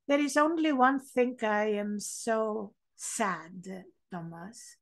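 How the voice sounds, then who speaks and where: Slow, musing woman guest. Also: mid-range voice, creaky, dry recording. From Greece. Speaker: guest, researcher and psychotherapist. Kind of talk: reflective interview conversation.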